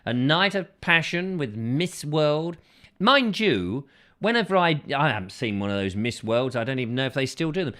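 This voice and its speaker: A man hosts a chatty live show, his fairly high voice rising and falling in a lively way. He reads out viewer comments, rambles and jokes as he goes. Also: normal speed. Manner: playful and rambling, jokes and drifts into silly voices. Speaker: host.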